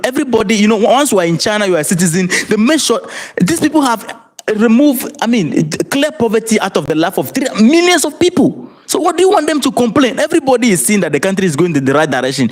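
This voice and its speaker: A high-pitched man with a Ghanaian accent talks through the news on a livestream. His voice swings widely as he presses rhetorical questions on his viewers and asks them to comment. He often restarts and repeats words and laughs between points. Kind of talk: live-streamed political commentary.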